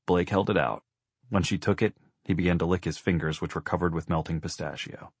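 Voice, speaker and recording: Deep husky male audiobook narrator. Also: steady tone, brisk, no echo.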